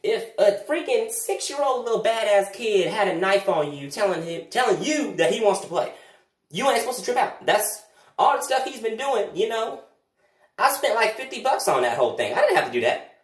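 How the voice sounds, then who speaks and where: A young man telling a comic story about his past, animated, jumping between loud outbursts and low mutters. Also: normal speed. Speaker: vlogger. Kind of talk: comedic storytime monologue. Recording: roomy, distant from the mic.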